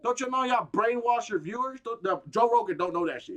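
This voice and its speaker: A man's voice: high voice, lively intonation, a little fast, hardly any pauses, fairly bright tone. Heated, profane ranting streamer, a man. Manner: profane, heated, rambling with restarts. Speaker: gaming streamer. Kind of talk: political rant on stream.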